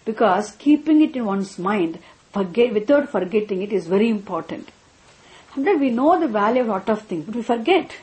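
A woman's voice: medium pitch, expressive, brisk, a little mellow, low-quality recording. A woman teaching scripture, patiently repeating key points and checking that listeners understand. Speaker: spiritual teacher. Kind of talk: scripture lesson.

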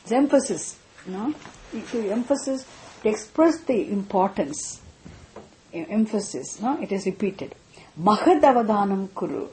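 A woman's voice: mid-range voice, sing-song, normal speed, a little mellow, a little hiss or hum, rough recording. A woman teaching scripture, patiently repeating key points and checking that listeners understand. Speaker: spiritual teacher. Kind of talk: scripture lesson.

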